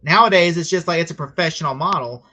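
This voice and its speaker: American male host, bright, slightly high voice, chatty rambling style, acts out quotes. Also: fast, rough recording. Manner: rambling, chatty, laughing asides and acted-out quotes. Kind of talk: casual livestream chat.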